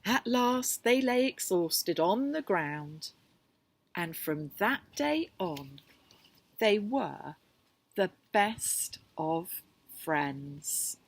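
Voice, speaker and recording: A woman reading a picture book aloud to children, gentle and expressive. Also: on the low side, drawn-out words. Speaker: storyteller.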